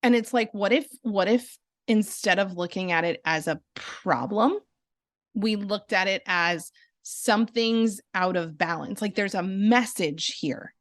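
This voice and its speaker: A woman hosting a podcast, talking in a casual, animated and earnest way, with quick asides as she explains. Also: medium pitch, dry recording, studio quality. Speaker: podcast host.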